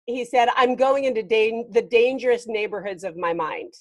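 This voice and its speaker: Woman, life coach guest; fairly high pitch, energetic and emphatic delivery. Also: normal speed. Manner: animated and emphatic, laughing often. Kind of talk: casual podcast interview.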